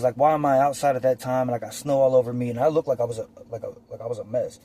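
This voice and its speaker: A man telling a personal story casually, outdoors on his phone, animated and profane, acting out the scenes as he goes. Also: medium pitch, brisk. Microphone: phone or camera.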